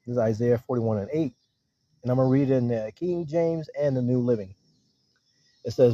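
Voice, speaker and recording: Male preacher, casual teaching sermon, mellow delivery, dull lo-fi audio. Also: medium pitch. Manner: conversational, keeps checking in with listeners, reads verses slower. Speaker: street preacher teaching scripture. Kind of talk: casual sermon with scripture reading. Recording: dull lo-fi recording.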